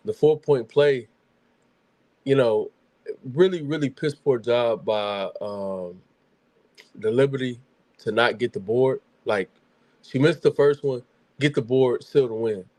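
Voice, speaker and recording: A man co-hosting a sports stream, talking in a relaxed, rambling way and keeping his volume low. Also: no echo. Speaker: co-host. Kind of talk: casual sports talk.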